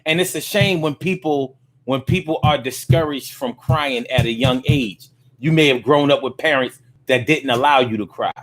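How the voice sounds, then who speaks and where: A man's voice: mid-range voice, normal speed, fairly bright tone, a little hiss or hum. A man hosting a casual livestream and reading viewer comments aloud. He talks in a loose, profane way, often repeating himself and using fillers.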